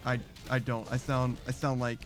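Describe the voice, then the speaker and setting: A man from the United States chatting casually while playing a game, slightly raspy, laughing often and restarting his sentences. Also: mid-range voice, level tone, normal speed, faint music behind. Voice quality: raspy in the morning. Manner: giggly, talks in restarts. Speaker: gaming video host.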